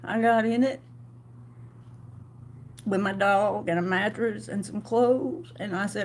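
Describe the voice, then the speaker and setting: A middle-aged woman tells her story in an emotional personal vlog, halting and restarting often. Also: mid-range voice, steady tone, slight background noise. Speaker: vlogger.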